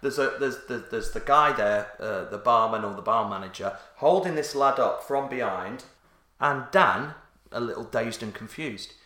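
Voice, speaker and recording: A man in casual chat, telling an anecdote to a friend and tossing in quick questions. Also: mid-range voice, bright, forceful tone, echoey room. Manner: chatty, asks quick questions, uses 'mate'.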